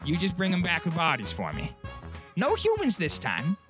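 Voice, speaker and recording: A man plays an eccentric old shopkeeper who stuffs animals and sells junk, pushing every sale. His voice squeaks high and leaps wildly up and down. Music plays underneath. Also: wildly swooping pitch, normal speed. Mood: pushy. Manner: high squeaky voice jumping in pitch, pushy salesman. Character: eccentric old male taxidermist shopkeeper, pushy.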